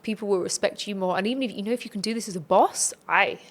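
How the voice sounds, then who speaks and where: A woman guesting on a podcast discusses personal growth in an earnest, reflective coaching tone. Her voice is at an ordinary middle pitch, and she talks quickly in a relaxed, conversational style.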